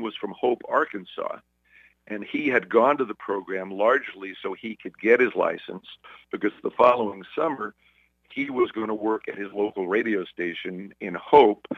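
A man in his seventies from Brooklyn, telling relaxed anecdotes about his career in an interview. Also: fairly low pitch, dry recording, muffled recording. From Brooklyn, New York. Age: 70s. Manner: relaxed anecdotal storyteller, acts out quoted voices. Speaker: sportscaster guest. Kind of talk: casual interview storytelling.

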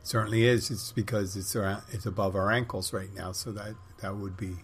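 A man's voice: on the low side, fairly even intonation, fairly quick, soft background music. A middle-aged man hosting a podcast, telling wry, crude, rambling stories in a casual monologue. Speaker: podcast host.

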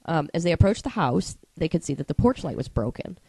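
A woman's voice: deep voice, sing-song, brisk, warm tone, breathy edge, no echo. A woman co-hosting a podcast, telling a story in a casual way with hesitations and wry asides. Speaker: podcast co-host.

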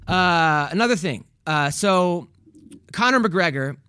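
A man with a rather high voice talks through a loose comedic monologue. He rambles, jokes and often restarts his sentences. The sound is dry, with no room echo. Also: expressive, slow, bright, forceful tone, clean tone. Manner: rambling, joking, frequent restarts.

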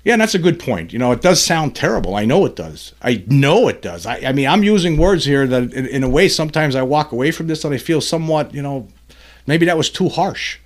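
A man's voice: on the high side, expressive, quick pace. A man hosting a solo commentary podcast, talking in a rambling, heated way, full of restarts and fillers. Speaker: podcast host.

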